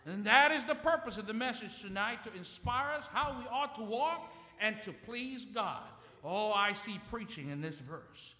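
A man's voice: high-pitched, lively intonation, normal speed, hardly any pauses, bright, forceful tone. A man preaching a fervent sermon in church, leading the congregation in call-and-response. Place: church sanctuary. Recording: church hall reverb.

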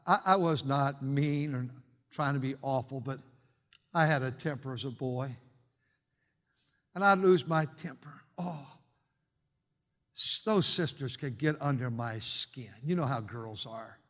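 An older man, a pastor preaching a sermon in his church, swinging between shouted preaching and quiet, hushed storytelling. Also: medium pitch, unhurried, long pauses. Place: church sanctuary. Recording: long reverb of a church hall.

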